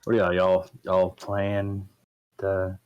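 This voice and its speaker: A man's voice: deep voice, monotone, slow pace, clear, resonant tone, highs cut off. A man dropping in as a guest who chats casually and jokes around with the group. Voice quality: playful, joking. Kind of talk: casual chat.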